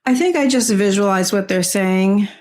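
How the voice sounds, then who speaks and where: An older woman talking as an interview guest, rambling casually with many "you know"s and soft laughs. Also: medium pitch, moderate pace. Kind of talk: casual conversation.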